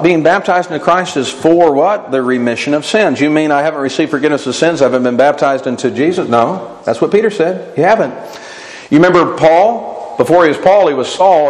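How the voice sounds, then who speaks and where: A man's voice: a little high, fairly quick. A man preaching a sermon, asking rhetorical questions and answering them, voicing imagined objectors as he goes. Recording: long hall reverb.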